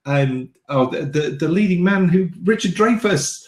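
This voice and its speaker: Brief: man co-host, fairly high voice, casual and halting, roomy echo. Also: expressive. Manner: enthusiastic, halting, hesitant. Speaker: podcast co-host. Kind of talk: casual chat.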